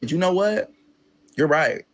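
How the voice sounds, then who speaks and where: A man telling a story on his vlog, casual, animated and profane, acting out what people said. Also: fairly high pitch, measured pace, no room sound. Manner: animated, profane, dramatic, acts out quotes. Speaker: storytime vlogger.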